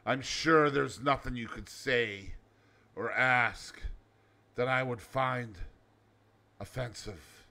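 A man voicing an elderly, unflappable nun in a joke, speaking softly and low. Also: takes it slowly, vocal fry, long pauses, full character voice. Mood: calm.

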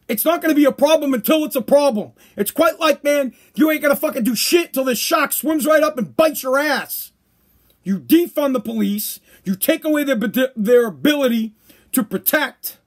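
A man hosting a solo podcast, delivering a heated, profane monologue and acting out the people he quotes. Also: very high voice. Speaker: podcast host.

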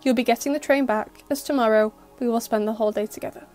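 A stern, reserved middle-aged father in a storybook reading, clipped and formal, his words kept low and quiet, as a woman reads him. The voice sits fairly high and soft music plays faintly underneath. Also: steady tone, quick pace, close to an everyday voice. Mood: formal, subdued.

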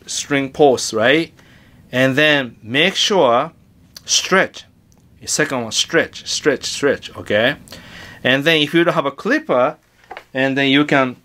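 A man teaching guitar in a casual lesson, chatty and halting, often repeating words as he demonstrates. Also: fairly high pitch, pushed and bright.

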